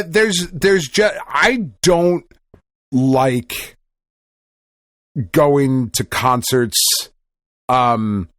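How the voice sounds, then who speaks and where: A man's voice: mid-range voice, fairly bright tone, no echo, studio quality. A male podcast co-host in casual chat, swearing freely and rambling through stories with restarts. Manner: profane, rambling storytelling.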